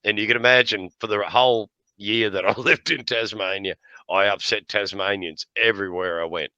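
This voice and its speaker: Laughing a lot and swearing freely, an Australian man hosts a live stream full of jokes and lively yarns. He speaks at a moderate pace in a lowish voice, with no room sound but the highs cut off.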